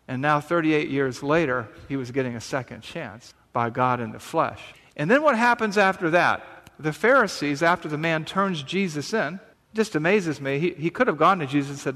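A man's voice: fairly high pitch, moderate pace, a bit bright. Man preaching in a reverberant space. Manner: conversational preaching with rhetorical questions. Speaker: pastor. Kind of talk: sermon.

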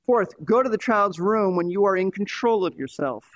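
A male preacher with a high-pitched voice delivers a sermon, pressing his points and repeating key phrases for emphasis. The sound is dry and close, with no room echo. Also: lively intonation, moderate pace.

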